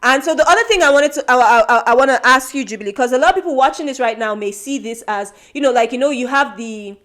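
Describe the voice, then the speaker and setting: A woman's voice: sits high, fast talker, a bit bright. A woman born in Nigeria co-hosting a podcast, talking earnestly and reflectively in a casual chat. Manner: earnest, self-reflective, many restarts. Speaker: podcast co-host.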